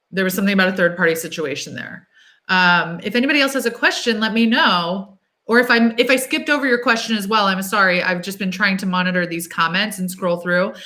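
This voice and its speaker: A woman's voice: medium pitch, sharp tone. A young woman reading tarot cards on a casual livestream, chatting loosely with many "um"s and "like"s, upbeat and encouraging. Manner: chatty, thinks aloud, fills pauses with "um" and "like". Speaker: tarot reader hosting a livestream. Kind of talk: casual live-stream chat.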